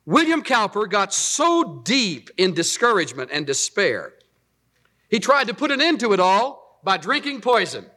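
A middle-aged man preaching a sermon as pastor, rising loud on points of emphasis. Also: high voice, very animated, unhurried.

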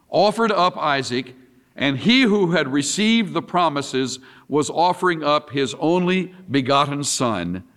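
A man with a medium-pitched voice preaches a sermon, reading scripture aloud and alternating between loud emphasis and quiet asides.

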